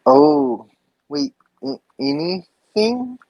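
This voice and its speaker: A man's voice: very high-pitched, sing-song, very slow, vocal fry, dry recording, lo-fi sound. A man playing a tabletop game, hesitant and thinking aloud. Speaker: player.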